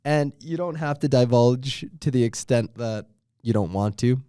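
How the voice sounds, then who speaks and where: Mellow-voiced joking man, dry sound. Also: mid-range voice, smooth, dry recording. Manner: joking, quick quips, short agreeing replies. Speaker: podcast co-host. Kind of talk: casual chat.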